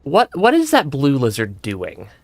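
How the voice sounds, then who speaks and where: A man's voice: medium pitch, huge pitch swings, a little slow, darkish tone, no echo. A young man giving casual let's-play commentary, stammering and restarting often and laughing between remarks. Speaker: streamer.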